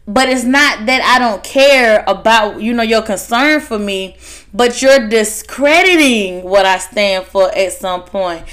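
Animated woman with a drawl. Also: a little high, measured pace. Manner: animated, acts out family voices, laughs. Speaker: speaker addressing workers. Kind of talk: casual motivational talk.

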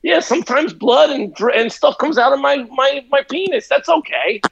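A befuddled old gangster rambles in a high, strained, shouty voice that leaps all over the place, as a man puts him on. The sound is dull and lo-fi, like a home podcast recording. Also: expressive, moderate pace, gravelly, no echo, full character voice. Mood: dismissive. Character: mumbling confused old male gangster with dementia.

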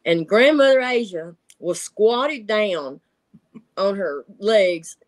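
A woman's voice: mid-range voice, animated, slow. A middle-aged woman, telling stories in casual chat, laughing often and acting out voices. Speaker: guest telling encounter stories.

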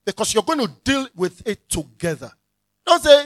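A man's voice: high voice, big pitch swings, fairly quick, a bit bright. A male pastor preaching a sermon, emphatic and repeating his key phrases as he calls out to the congregation.

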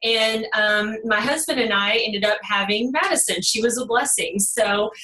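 A woman with a Texas twang tells her story to a podcast host in a bright, slightly high voice. She talks easily with plenty of fillers. The recording is echoey and she sits a little back from the mic. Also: normal speed, distant mic. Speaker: guest. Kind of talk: podcast interview.

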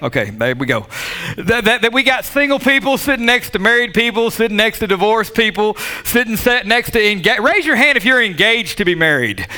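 A man's voice: high voice, big pitch swings, brisk, sharp tone. A man preaching a sermon as pastor to his church, joking and talking straight to the congregation. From Southern United States. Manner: joking, talks to the congregation directly. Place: church sanctuary with live audience.

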